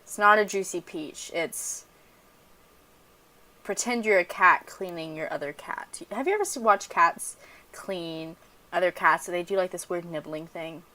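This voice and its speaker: A woman's voice: fairly low pitch, a little slow, sharp tone. A young American woman hosting a podcast, chatting frankly and laughing easily. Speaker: podcast host. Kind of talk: casual chat.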